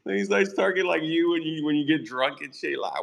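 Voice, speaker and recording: A man's voice: fairly high pitch, expressive, moderate pace, creaky, fairly bright tone. A man hosting a podcast, chatting casually about a movie in a rambling, profane way. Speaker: podcast host.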